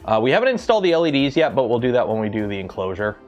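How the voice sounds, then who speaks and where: A man's voice: mid-range voice, very animated, rapid-fire, dull audio, soft background music. A man from Canada hosting a casual maker livestream, rambling and joking as he works, swearing now and then and talking to his machines in a home workshop. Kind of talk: casual livestream chat while building.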